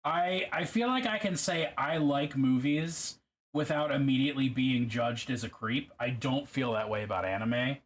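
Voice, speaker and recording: A man streaming casually as he paints a miniature, rambling and self-deprecating, with halting restarts. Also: medium pitch.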